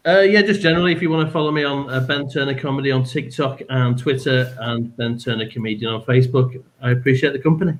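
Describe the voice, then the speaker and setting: A man comedian on a panel show, talking in a quick, offhand way. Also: medium pitch, rough recording. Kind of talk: casual chat.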